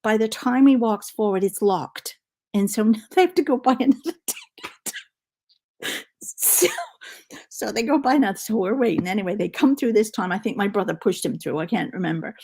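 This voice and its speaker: A woman's voice: mid-range voice, lively intonation, normal speed, a little mellow, breathy edge. Chatty woman rambling while knitting. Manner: rambling, chatty, counts stitches aloud. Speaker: knitting livestream host. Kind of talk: casual storytelling while knitting.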